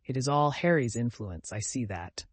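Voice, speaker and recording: A man's voice: medium pitch, expressive, moderate pace, dry recording, close to an everyday voice. A man reading the part of a grave older male painter, earnest and pleading, in a dry recording. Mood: pained.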